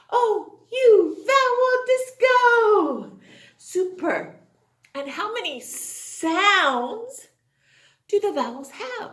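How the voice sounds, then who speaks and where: A woman teaching young children phonics in a slow, exaggerated sing-song manner, full of praise. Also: high voice, bright, forceful tone. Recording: echoey room.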